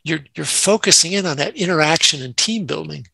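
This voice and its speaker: A man's voice: fairly high pitch, a little fast, creaky, bright, forceful tone, husky, dry recording, low-quality recording. A man, a nonprofit CEO, talking earnestly in an interview and telling workplace stories. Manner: earnest, acts out quoted dialogue in anecdotes. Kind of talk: conversational interview storytelling.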